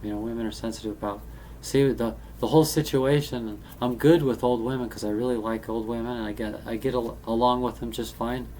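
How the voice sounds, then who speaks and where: A man talking in a casual, rambling monologue, halting and restarting often with many fillers. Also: medium pitch, fairly even intonation, dark tone. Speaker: vlogger. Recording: faint background noise.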